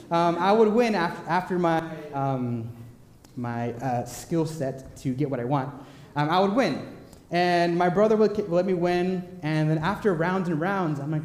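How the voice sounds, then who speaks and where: Storytelling male preacher in an echoey hall. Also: fairly high pitch. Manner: storytelling, animated and joking. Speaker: pastor. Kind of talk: sermon. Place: church.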